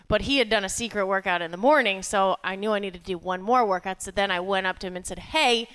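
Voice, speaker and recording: A woman co-hosting a casual podcast chat, telling a long story in an animated, rambling way. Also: mid-range voice, fast, smooth. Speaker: podcast co-host.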